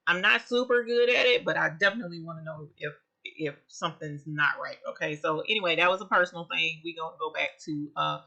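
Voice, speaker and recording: A woman's voice: low voice, a little fast, vocal fry, bright, forceful tone. A woman hosting a casual livestream, chatting expressively and greeting viewers by name. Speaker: livestream host of an embroidery channel. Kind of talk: casual live chat with viewers.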